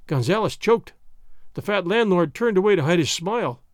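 A man reads an old adventure novel aloud in a theatrical, expressive way. His voice is high for a man and very animated. The sound is dry and close to the mic. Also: normal speed, dry recording. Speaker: narrator. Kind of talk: scripted audiobook narration.

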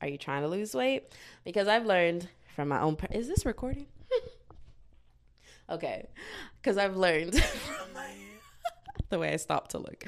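Rambling young woman vlogging candidly. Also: mid-range voice. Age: young adult. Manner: rambling, heavy use of "like", self-mocking outbursts. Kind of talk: casual confessional monologue. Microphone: own microphone.

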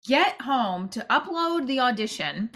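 A woman's voice: a little high, sing-song, measured pace, a bit bright. Woman doing a chatty solo podcast, rambly, lots of asides and restarts. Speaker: podcast host and actor-comedian. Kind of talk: casual podcast monologue.

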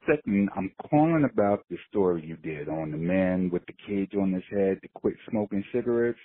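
A man's voice: low-pitched, expressive, moderate pace. A man from New Jersey leaving a friendly, laid-back voicemail, swearing casually. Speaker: caller. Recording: dry tinny phone line.

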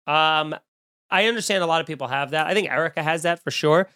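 Fairly high-pitched and quick, the man's clean-toned voice drives a casual podcast where he rants, jokes, and swears with energy. Eating and drinking noises come from the mic.

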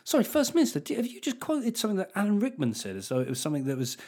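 A man's voice: wildly swooping pitch, very fast, darkish tone, full character voice. A man putting on a flustered, polite male radio interviewer who stammers in disbelief. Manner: stammering, incredulous, squeaky.

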